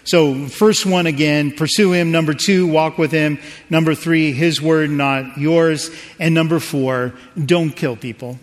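A pastor delivers a sermon, talking to his congregation in a loose, joking way and calling on them to answer. His voice sits a little high for a man. The sound rings with the long reverb of a large hall. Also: steady tone, a little slow, hardly any pauses. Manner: conversational preaching with jokes and audience prompts.

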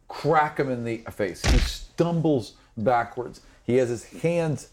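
A man's voice: mid-range voice, expressive, slow pace, noisy background. A man narrating as game master of a tabletop game, describing actions loosely with many fillers.

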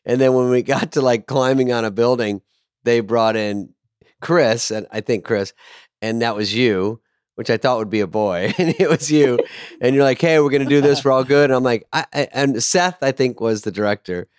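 A man's voice: mid-range voice, normal speed, clean tone, no echo, studio quality. A middle-aged man co-hosting a podcast, telling stories in a wry, playful, casual way. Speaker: podcast co-host. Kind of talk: casual chat.

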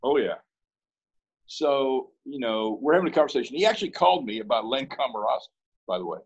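Husky man telling a lively story. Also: medium pitch, fairly quick, dull audio. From Pittsburgh. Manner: animated, acts out both sides of dialogue. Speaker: guest. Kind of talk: casual storytelling in an interview.

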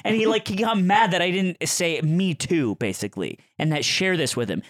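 Animated high-pitched man telling stories. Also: fairly quick, few pauses, dry recording, studio quality. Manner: animated storyteller, acts out quotes. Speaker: podcast co-host. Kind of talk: casual chat.

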